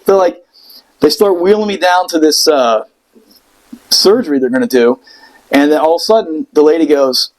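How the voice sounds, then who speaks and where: Animated, swearing man telling a story. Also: fairly high pitch, normal speed, long pauses, rough recording. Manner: animated, profane, acts out voices in quotes. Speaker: podcast guest telling his story. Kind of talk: casual storytelling chat.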